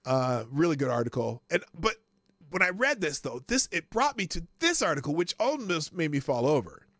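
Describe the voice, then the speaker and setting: A man's voice: a little high, sing-song, moderate pace, fairly bright tone, no echo. A male host giving casual live commentary, crude and mocking, often breaking into laughter.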